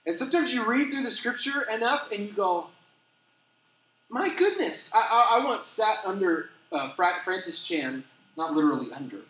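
A middle-aged man preaching a sermon as a pastor, telling stories with animated, self-deprecating humor. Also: high-pitched, brisk. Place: church sanctuary. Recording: echoey church hall.

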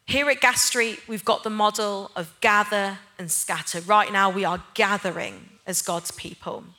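A woman preaches to a church gathering in a bright, crisp voice. Her delivery is personal and conversational, and at times it builds into impassioned, emphatic appeals. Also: mid-range voice, fairly even intonation, normal speed. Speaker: church speaker, head of a neighbour-love ministry. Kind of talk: sermon.

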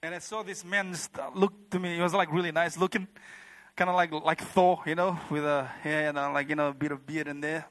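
A man's voice: on the high side, fairly even intonation, fairly quick, a bit bright, no echo. A man telling a personal testimony to a church congregation, rambling and heartfelt, with many fillers like "you know" and "like". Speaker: church member giving a testimony.

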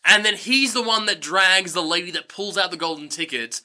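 A young man co-hosting a casual film-recap podcast. He riffs excitably and swears casually. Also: high-pitched, normal speed. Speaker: podcast co-host.

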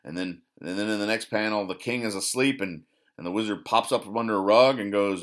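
A man hosting a podcast, recapping comic strips in a rambling, deadpan way, stumbling and correcting himself as he dryly explains each joke. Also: on the low side, brisk. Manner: rambling, self-correcting, dry sarcastic explanations. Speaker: podcast host.

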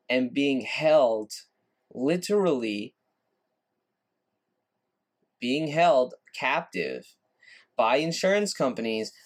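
A man hosting a solo podcast, ranting in a frustrated, repetitive way and swearing casually. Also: mid-range voice. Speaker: podcast host.

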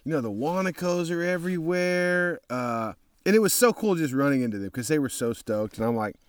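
A man from Texas recounts a motorcycle ride in loose, rambling talk, swearing freely and getting worked up. His voice sits a little high for a man, and the sound is dry and close. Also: a little fast, clear, resonant tone, no room sound. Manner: rambling, profane, excitable. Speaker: motorcycle traveler. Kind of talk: casual spoken travel story.

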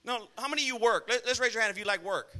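A man's voice: very high-pitched, racing, bright, forceful tone. A male pastor preaching a sermon in a church, blunt and scolding, often calling out to the congregation for an "amen.".

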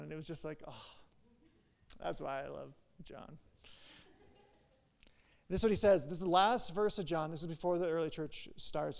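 A man's voice: fairly high pitch, creaky, a bit bright. A man who is a pastor, giving a casual, conversational sermon with frequent asides and self-corrections.

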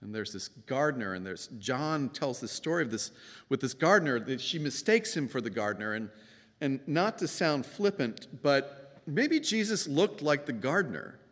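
A pastor delivers a conversational sermon, retelling the story in his own words and acting out its characters with emphatic pitch swings. His voice is very animated and fairly bright at a normal speed, set in the long reverb of a church hall.

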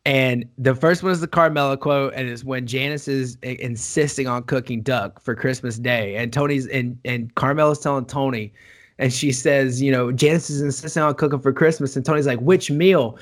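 A man co-hosting a podcast in casual chat, excitable and swearing freely as he talks. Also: mid-range voice, fairly quick. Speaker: podcast co-host.

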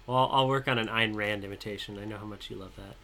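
A man co-hosting a podcast, joking dryly and then reading his own political poem in a measured way. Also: lowish voice, fairly even intonation, bright, forceful tone, slight background noise. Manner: dry, teasing, measured when reading. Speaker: podcast co-host and poet. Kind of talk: casual chat and poetry reading.

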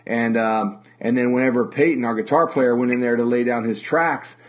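A man's voice: mid-range voice, steady tone, moderate pace. Male podcast host and metal singer, swears a lot, circles back and restarts his sentences. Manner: rambling, profane, many fillers and restarts. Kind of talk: casual conversation. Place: lives in Las Vegas.

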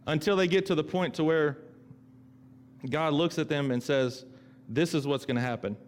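A man's voice: a little high, moderate pace, slight background noise. Conversational man preaching a sermon. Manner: conversational, repeats himself, acts out quoted voices. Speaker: pastor.

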